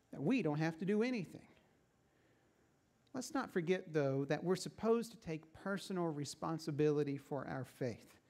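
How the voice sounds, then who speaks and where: A male pastor preaches in a relaxed, conversational storytelling manner. His voice sits slightly higher than most men's, and he varies his pace to draw listeners along. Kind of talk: sermon.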